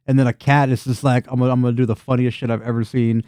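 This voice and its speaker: A man's voice: medium pitch, level tone, very fast, few pauses, dark tone, smooth, no room sound, clean studio sound. A man narrating a tabletop game as game master, casual and laughing, with frequent swearing.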